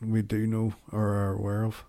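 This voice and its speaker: A man's voice: fairly low pitch, completely flat delivery, moderate pace, gravelly, dark tone, no room sound, clean studio sound. An Irish man co-hosting a podcast, blunt and sarcastic in casual banter. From Ireland. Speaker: podcast co-host.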